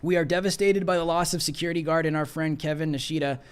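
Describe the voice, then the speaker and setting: A man's voice: a little high, fairly even intonation, fast talker, clean tone. Emphatic, sarcastic male political host. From United States. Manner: emphatic, sarcastic, reads news article aloud. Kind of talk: livestream political commentary.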